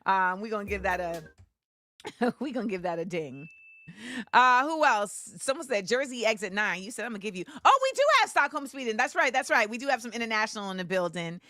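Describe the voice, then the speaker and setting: A woman hosting a live show, chatting casually with viewers and shouting them out with bursts of excitement. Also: medium pitch, brisk, dry recording. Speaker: livestream show host.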